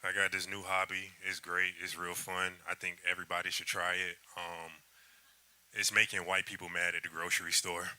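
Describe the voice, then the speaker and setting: A man doing stand-up in a club, telling an animated story and acting out what people said. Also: low voice, normal speed. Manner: animated storytelling with acted-out quotes. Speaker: stand-up comic. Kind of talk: stand-up set. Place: comedy club stage.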